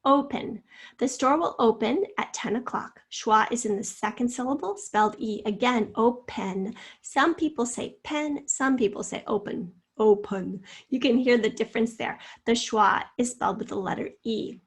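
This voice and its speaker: A middle-aged woman teaches a spelling lesson in a somewhat high, husky voice. She says each word slowly and carefully, then puts it in an example sentence. Her delivery is patient and methodical.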